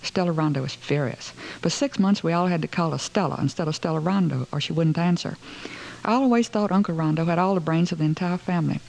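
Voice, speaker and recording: Gravelly, mellow woman reading a story. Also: low voice, fast, poor audio. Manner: wry, aggrieved, storytelling. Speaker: narrator. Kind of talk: first-person story reading.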